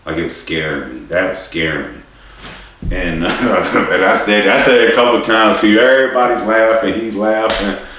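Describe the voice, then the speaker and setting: A low-voiced man tells his own story casually, halting and restarting, with bits of swearing and laughter at himself. He sits some way from the mic in a room with heavy echo. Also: pushed and bright, slight background noise. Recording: distant mic in a very echoey room.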